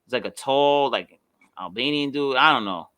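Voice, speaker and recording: A man's voice: mid-range voice, normal speed, bright, forceful tone, smooth, no room sound. A man co-hosting a casual podcast, telling stories with lots of swearing and acting out the voices of people he quotes. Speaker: podcast co-host. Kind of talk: casual chat.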